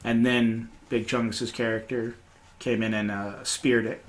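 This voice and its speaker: A man recapping a tabletop game as its game master, in a halting way with many restarts. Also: medium pitch, flat delivery, a little hiss or hum. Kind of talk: casual podcast recap.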